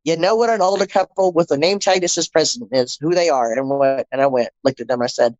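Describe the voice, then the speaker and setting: A middle-aged woman, a podcast guest, telling her personal story in an animated way, acting out the dialogue and repeating phrases for emphasis. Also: sits low, fast talker, hardly any pauses, no echo, dull audio.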